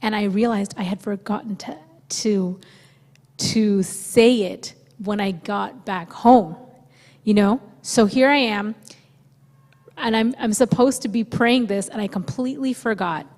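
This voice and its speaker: A woman sharing a testimony in a church, telling her story with animated energy, laughing and acting out what she thought. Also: mid-range voice, measured pace. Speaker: guest speaker sharing testimony with husband. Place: church sanctuary. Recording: reverberant church sanctuary.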